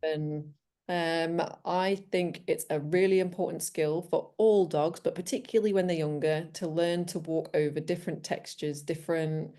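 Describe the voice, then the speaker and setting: A woman, a dog trainer, talks as a guest in a casual interview with a low, mellow voice. She is bubbly, laughs often and acts out her dogs' reactions. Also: fairly even intonation, normal speed.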